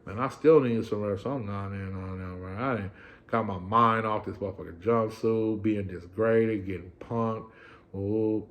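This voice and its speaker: A man's voice: on the low side, normal speed. A middle-aged man casually telling a story in a streetwise, profane style. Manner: streetwise, profane, animated retelling with quoted voices.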